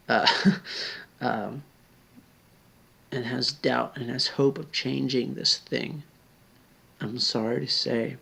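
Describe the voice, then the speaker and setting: A tipsy man talks straight to the camera, his words slurred and his voice close to breaking. His tone is gravelly and a little husky, and his urgent appeals keep fading into hushed whispers. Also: medium pitch. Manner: earnest, pleading, drops to whispers. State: drunk, slurring; near tears. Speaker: video blogger. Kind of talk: emotional direct-to-camera appeal.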